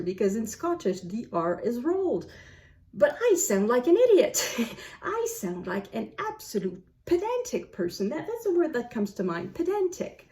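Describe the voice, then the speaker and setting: A woman's voice: high voice, mellow. A woman whose first language is French, talking to camera as a book vlogger, musing aloud and asking herself questions. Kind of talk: casual talk to camera.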